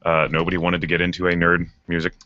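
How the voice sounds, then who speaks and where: A man hosting a podcast in casual chat, blunt and quick to swear. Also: deep voice, completely flat delivery, bright, forceful tone, dry recording, lo-fi sound. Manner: fast, blunt, swears a lot. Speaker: podcast host.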